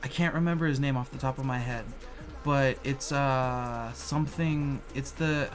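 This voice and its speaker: A man's voice: mid-range voice, fairly even intonation, normal speed, music in the background. A man, chatting casually on stream, laid-back and amused, with the odd swear. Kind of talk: casual chat.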